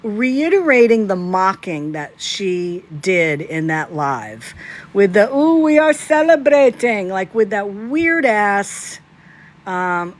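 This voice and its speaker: A woman's voice: fairly low pitch, a bit bright. Indignant woman ranting on a phone livestream. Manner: indignant, piles up rhetorical questions. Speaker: livestream commentator. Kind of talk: casual ranting commentary.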